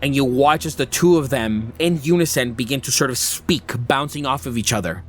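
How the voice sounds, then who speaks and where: A man narrating a tabletop game as game master, describing scenes in an unhurried, descriptive way. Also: medium pitch, faint music behind.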